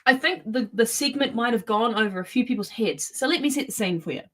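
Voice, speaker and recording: Female co-host, chatty theorist, a touch high-pitched. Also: animated, quick pace, a bit bright. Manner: theorizing, sets scenes with quoted asides. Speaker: podcast co-host. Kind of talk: casual wrestling chat.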